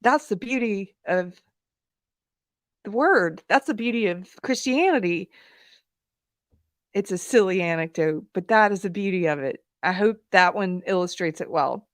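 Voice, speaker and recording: A woman hosting a live talk show, telling a personal story in a candid, animated way with fillers and laughs, at times close to tears. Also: mid-range voice, measured pace, no room sound. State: emotional, near tears. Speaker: podcast host. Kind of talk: live-streamed commentary, personal anecdote.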